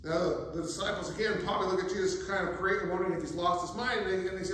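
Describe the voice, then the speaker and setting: A man preaching a sermon as pastor, telling the story in a lively way with humorous asides. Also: high-pitched, fast talker, few pauses, a little hiss or hum. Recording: very echoey, distant mic, faint ambience.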